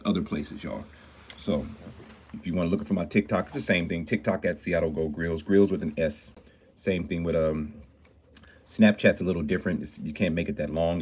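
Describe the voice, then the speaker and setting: A man's voice: low voice, a little mellow, slightly rough. A man, a jeweler, chatting casually and upbeat with viewers on a phone live stream from his shop. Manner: talkative and upbeat, greets viewers often.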